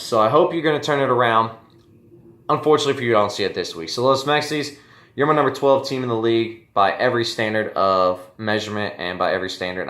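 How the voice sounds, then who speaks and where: Brash, profane male host of a casual fantasy league recap, mid-pitched, recorded in a roomy space. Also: a bit bright. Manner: brash, joking, profane, addresses league mates directly. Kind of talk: casual solo commentary.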